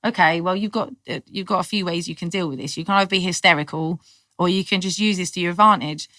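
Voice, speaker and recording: A middle-aged woman, a podcast guest telling her story in lively, casual talk, acting out what people said and laughing often. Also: lowish voice, fast talker, dry recording. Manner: animated storyteller, acts out quotes, laughs often. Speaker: guest, cannabis activist.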